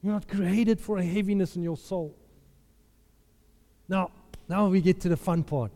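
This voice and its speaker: A man preaching a sermon, telling a lively personal story and acting out the voices in it. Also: sits high, measured pace. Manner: animated storyteller, laughs often, acts out quotes. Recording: echoey hall reverb.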